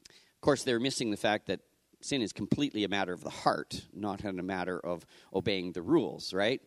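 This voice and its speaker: A man preaching a conversational sermon in an animated, casual way. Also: low voice, a little fast, no echo, clean studio sound. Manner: animated, casual, acts out the scripture quotes.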